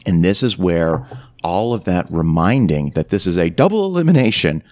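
A man from Canada co-hosting a podcast, retelling a movie in casual chat with an animated manner. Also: low voice, moderate pace. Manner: animated retelling with frequent impressions. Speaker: podcast co-host.

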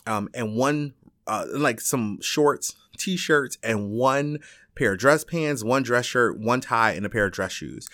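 A man from Chicago tells his own story in a loose, chatty way, with a voice of middling pitch recorded dry and close. He rambles, restarts his sentences and swears now and then. When he quotes other people, his pitch leaps up. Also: slow pace, no room sound. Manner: rambling and animated, with frequent fillers, restarts and swearing; acts out other people's lines with big jumps in pitch. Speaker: teacher telling his story. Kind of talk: casual storytelling.

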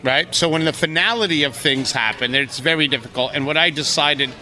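A man's voice: on the high side, a little fast, pushed and bright. A man co-hosting a podcast, talking in a brash, profane, teasing way. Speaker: podcast co-host. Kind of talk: casual chat.

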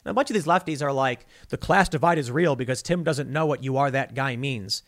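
A male podcast host giving a heated monologue, animated and stammering often as he restarts his sentences. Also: medium pitch, brisk. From United States.

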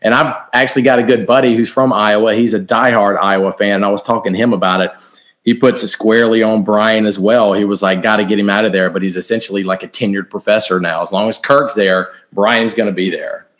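A man hosting a sports podcast in casual chat, relaxed and conversational. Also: on the low side, a little fast. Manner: relaxed, conversational, occasional restarts. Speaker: podcast host.

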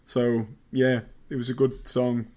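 British male podcast co-host, mid pitch, chatty and rambling, bursts high and loud when excited. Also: measured pace. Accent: British English. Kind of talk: casual film chat.

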